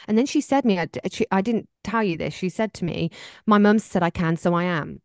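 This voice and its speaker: A woman's voice: lowish voice, expressive, fast, no echo, clean studio sound. A woman co-hosting a podcast, chatting casually and quoting people as she tells stories. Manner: chatty, laughs easily, quotes people in her stories. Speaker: podcast co-host. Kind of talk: casual chat.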